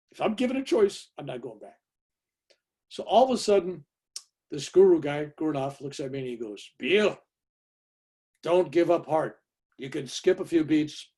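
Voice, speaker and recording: A man's voice: on the high side, husky. A man in his seventies, speaking on a video call from home, tells a personal story with emphatic energy and keeps asking "right?" to check in with his listeners. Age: 70s. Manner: emphatic, lively, tag questions. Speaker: guest speaker.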